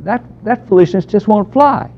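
Man, Bible lecture, mellow voice, slightly high pitch, lo-fi recording. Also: expressive, normal speed. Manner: emphatic, conversational teaching with fillers. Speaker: Bible teacher.

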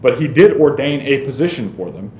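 A man's voice: mid-range voice, animated, fairly quick, darkish tone. A man teaching a group on how to read the Bible, speaking conversationally and often checking in with "right?". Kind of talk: teaching talk on Bible reading. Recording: roomy, slightly dull recording with faint noise.

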